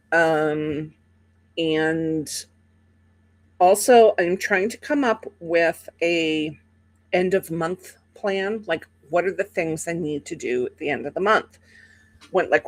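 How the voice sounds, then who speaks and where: A woman's voice: fairly low pitch, no room sound. A woman hosting a casual livestream, chatting to viewers in a rambling way with many fillers, sleepy and yawning. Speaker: livestream host.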